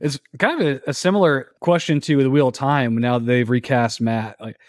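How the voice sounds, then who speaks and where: A man co-hosting a podcast in casual chat, earnest and hesitant, with frequent pauses to find his words. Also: medium pitch, darkish tone, dry recording, clean studio sound. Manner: hesitant, many ums and uhs, earnest. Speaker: podcast co-host.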